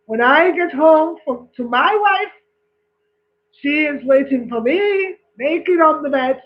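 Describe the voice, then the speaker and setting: A woman voicing a proud Scottish workman with a mock Scottish accent, boasting slowly and dismissively. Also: sits high, lively intonation, lo-fi sound.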